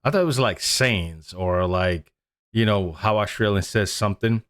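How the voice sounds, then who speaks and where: An American man hosting a casual reaction video, animated and prone to repeating himself. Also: fairly low pitch, normal speed. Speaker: host.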